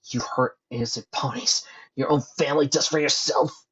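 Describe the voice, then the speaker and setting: A man reading an enraged young male pony fighter who shouts in fury, for a fanfic reading. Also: mid-range voice, little pitch movement, a little fast, slightly rough, muffled recording. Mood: furious. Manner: shouting, furious.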